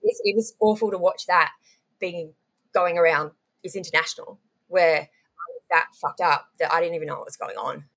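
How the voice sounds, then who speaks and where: A young woman telling an interviewer a candid story, animated and swearing freely. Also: fairly low pitch, moderate pace, creaky, slightly rough. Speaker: guest.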